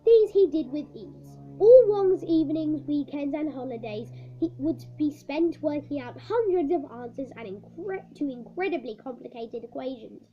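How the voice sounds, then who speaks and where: Here a woman reads a children's book at normal speed with few pauses, her high voice animated, though she stumbles and corrects herself along the way. Expect dull lo-fi sound.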